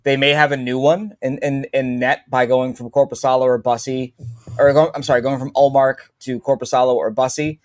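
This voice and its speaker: A man who works in sports radio, talking hockey in a lively, fast, casual way. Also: mid-range voice, dry recording, studio quality. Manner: animated, fast storytelling with repeats.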